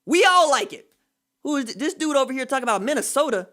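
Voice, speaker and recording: Guy ranting solo on his podcast, bright voice, pitch all over the place, slangy trash talk. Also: fast. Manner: animated, emphatic trash talk in casual slang. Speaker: podcast host. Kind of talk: solo sports podcast rant.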